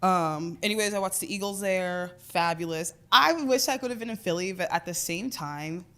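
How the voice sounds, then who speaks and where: A woman's voice: lowish voice, moderate pace, a bit bright. A woman in her twenties co-hosting a podcast, telling a long story in casual chat, swearing and saying "like" a lot. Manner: chatty storytelling, swears often, says "like" a lot. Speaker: podcast co-host.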